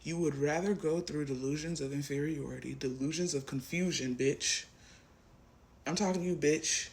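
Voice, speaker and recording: Addressing the viewer with a collective tarot reading, this man speaks at normal speed in a fairly high, slightly rough voice with fairly even intonation. His delivery is fervent and forceful; he repeats himself, curses, and occasionally whispers.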